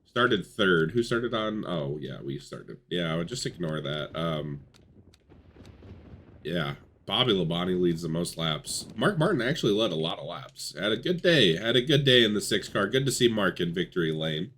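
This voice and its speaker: A young man giving casual, excitable commentary on a racing simulation, swearing and swinging between hype and mumbled asides. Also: deep voice, moderate pace, a little hiss or hum. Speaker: gaming YouTuber.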